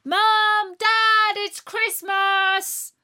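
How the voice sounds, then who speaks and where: A woman voicing a sleepy young girl in a storybook reading, with loud squeals and wails. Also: very high-pitched, drawn-out words, dry recording, clean studio sound, pitched above the performer's own voice, full character voice. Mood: excited. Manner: loud excited squeals turning to wailing. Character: sleepy young girl who hates getting up.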